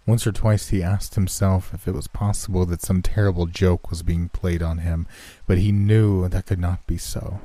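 A man narrating a horror story in a slow, measured way. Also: low-pitched, fairly even intonation, warm tone.

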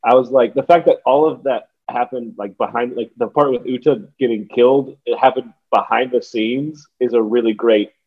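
A man's voice: medium pitch, steady tone, moderate pace, few pauses, husky, phone-quality sound. A man in a casual movie discussion on a podcast, rambling and filling his talk with "like" while laughing often. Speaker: podcast co-host.

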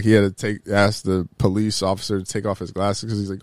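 A man talking in casual chat, animated and swearing freely, acting out quotes with sudden jumps in pitch. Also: brisk, no room sound.

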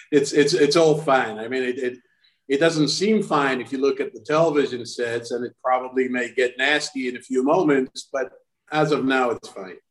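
A man's voice: mid-range voice, fairly even intonation, moderate pace, reverberant, low-quality recording. A man who is a former Israeli diplomat, giving analysis as a podcast guest in a conversational way with many restarts. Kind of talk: podcast interview answer. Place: Tel Aviv.

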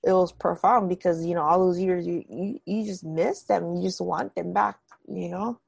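A woman's voice: on the low side, fairly even intonation, moderate pace, vocal fry, a little mellow, breathy edge, no room sound. A woman host reflecting thoughtfully and hesitantly in an interview conversation. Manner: thoughtful, hesitant, many restarts.

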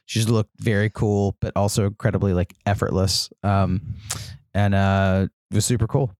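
A man in a relaxed podcast chat, speaking in a low voice. He tells his story in a winding, rambling way with lots of ums. The sound is dry and close. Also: moderate pace, dry recording. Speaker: podcast co-host. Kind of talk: casual chat.

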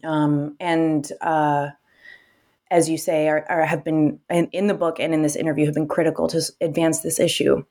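A woman's voice: low-pitched, level tone, normal speed, dark tone. A woman hosting an interview, thanking her guests, friendly, with fillers. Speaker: interview host.

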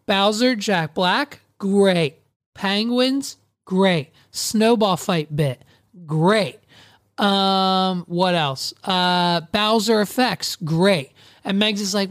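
A woman's voice: medium pitch, dry recording, clean studio sound. A woman hosting a casual podcast, rambling loosely, with lots of fillers, restarts and swearing. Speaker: podcast host. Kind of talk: casual chat.

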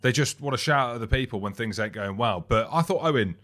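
A man chats on a casual sports podcast, teasing his co-host and spinning comic stories. His voice is bright and forceful, in a middle pitch. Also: expressive, a little fast. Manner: joking, storytelling, teasing. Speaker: podcast co-host, former rugby player.

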